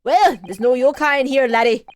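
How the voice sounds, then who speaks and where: A woman voicing a loud, brash male prison governor with a put-on Irish accent, blustering and barking his lines. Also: high voice, normal speed, noisy background, lightly acted. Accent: Irish attempt.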